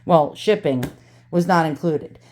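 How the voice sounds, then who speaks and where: A woman's voice: low-pitched, unhurried, a little mellow. A woman with a New York accent talks casually while she unboxes antiques at home. She rants and curses, then turns cheerful and chatty in seconds. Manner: ranting, swings from angry cursing to cheerful. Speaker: antique channel host. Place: home with dogs.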